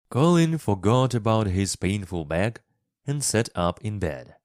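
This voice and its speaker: A man who tells stories and teaches English, reading a storybook for English learners in a slow, expressive way. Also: lowish voice, no echo, studio quality.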